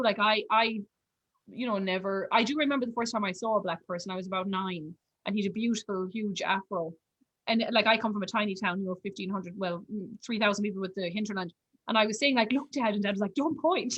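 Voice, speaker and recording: A woman's voice: mid-range voice, dry recording, muffled recording. Chatty Irish woman hosting a video call. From rural Ireland. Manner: chatty, fills with "you know" and "like". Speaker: host. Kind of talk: casual video call interview.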